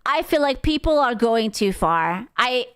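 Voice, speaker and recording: A young woman with a high, smooth voice talks to her stream in an unhurried, rambling way. She swears freely and sounds exasperated as she reacts. Her close mic gives a dry sound with no room echo. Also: very animated, a bit bright. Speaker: VTuber streamer. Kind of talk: casual reaction commentary.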